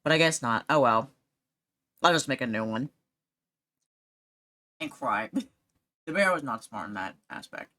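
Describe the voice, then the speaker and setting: Woman, low voice, lively swooping pitch, giggly, rambling streamer chat. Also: moderate pace, pauses often. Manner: giggly, rambling, self-mocking. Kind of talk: casual chat while drawing on stream.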